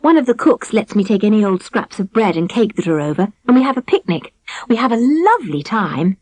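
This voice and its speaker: Brief: woman playing a young princess-turned-kitchen-maid for a storybook, bright, earnest, slightly prim, lively pitch. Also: a little fast, no echo, natural voice.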